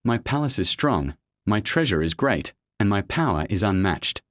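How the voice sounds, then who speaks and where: A man's voice: fairly low pitch, big pitch swings, normal speed, no echo, studio quality. A man voicing a king in a folktale, speaking in a formal, declaiming way. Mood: proud. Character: grown man, a ruling storybook king.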